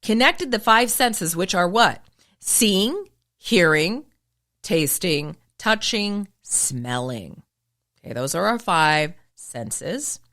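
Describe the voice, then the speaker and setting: A woman hosting her own show, speaking in a polished broadcaster voice with crisp enunciation, emphatic and full of rhetorical questions. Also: fairly low pitch, big pitch swings, slow pace, a bit bright. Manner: emphatic, asks rhetorical questions and answers them. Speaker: podcast host and former news broadcaster. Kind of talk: motivational monologue.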